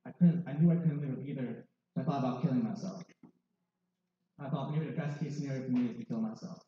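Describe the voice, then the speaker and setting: A man's voice: mid-range voice, quick pace, dark tone, slight background noise. A young man in his twenties sharing a candid personal testimony with wry, self-mocking humor. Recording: distant, dull, very echoey hall.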